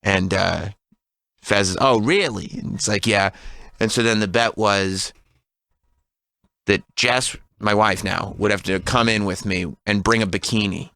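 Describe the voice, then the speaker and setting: A man in his thirties telling a funny story on a radio talk show, animated and laughing often. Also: lowish voice, unhurried, creaky, smooth, dry recording. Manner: animated, laughs often, mimics voices in quotes.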